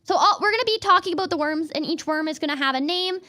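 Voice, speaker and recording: High-voiced young woman streamer, rambly. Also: fast talker, pushed and bright. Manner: rambling, filler-heavy, lots of "like" and restarts; reads chat and thanks viewers in a high squeal. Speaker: VTuber streamer. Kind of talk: casual livestream lesson on cognitive distortions.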